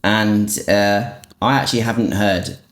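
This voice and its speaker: A man's voice: on the low side, fairly even intonation, unhurried, fairly bright tone. A man hosting a casual chat podcast with his father, teasing him and laughing often. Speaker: podcast host.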